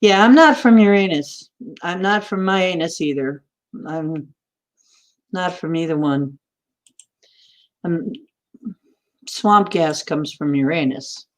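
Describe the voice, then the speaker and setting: A woman's voice: on the low side, slow, long pauses. A woman hosting a casual chat, rambling and giggling between puns and jokes.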